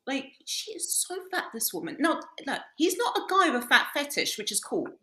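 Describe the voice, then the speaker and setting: A woman's voice: high voice, very animated, moderate pace, pushed and bright, roomy sound. A woman, a podcast guest who tells stories bluntly, swears freely and laughs often. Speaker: podcast guest, dating coach. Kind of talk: casual podcast conversation.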